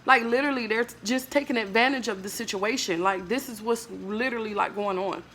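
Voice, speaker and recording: A woman's voice: a little high, fairly quick, fairly bright tone, a little hiss or hum. A woman vlogger in an emotional monologue to camera, ranting in a blunt, emphatic, profane way and leaning on fillers like "like, bruh".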